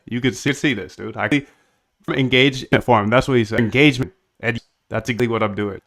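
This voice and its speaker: Male streamer, casual and rambling, talks slang to his chat while coding, average pitch. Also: fairly bright tone. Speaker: live streamer.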